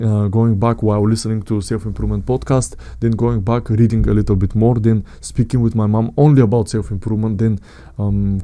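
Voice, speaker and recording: A man with a low, dark voice and no echo talks straight to camera about self-improvement. Blunt and earnest, he often repeats phrases and calls his viewers "guys."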